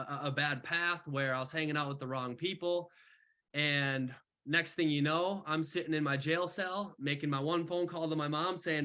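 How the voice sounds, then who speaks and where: A young man mentoring on an online call, telling his story in casual, animated talk full of slang. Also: fairly high pitch. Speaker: mentor speaker.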